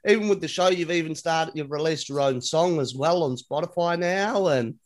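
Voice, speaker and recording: A man hosts a casual interview, asking short, easygoing questions. His voice sits a little high for a man, and he keeps answering with light affirmations. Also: normal speed. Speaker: podcast host.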